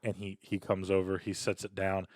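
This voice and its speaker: A young adult man co-hosting a podcast, telling animated stories in casual chat, with lots of repeated words and stretched-out emphasis. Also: deep voice, normal speed, no room sound. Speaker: podcast co-host.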